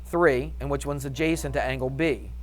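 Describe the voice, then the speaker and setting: A man's voice: mid-range voice, steady tone, moderate pace, a little hiss or hum. A man teaching a math class, upbeat and chatty, firing questions at the students and answering them himself. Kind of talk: classroom lesson.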